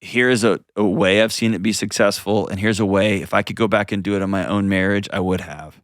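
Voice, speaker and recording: On an advice call-in show, the male host, whose voice sits lowish, gently and earnestly coaches a caller at a brisk pace and steady tone. He frequently starts sentences over while working through his thoughts, and the close, dry studio audio has no echo.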